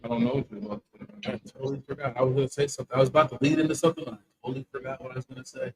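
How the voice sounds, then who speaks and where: A man's voice: medium pitch, racing, vocal fry, darkish tone, slight background noise, poor audio. A man co-hosting a casual chat, telling workplace stories with lots of swearing and laughter. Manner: profane, laughing storyteller. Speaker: podcast co-host.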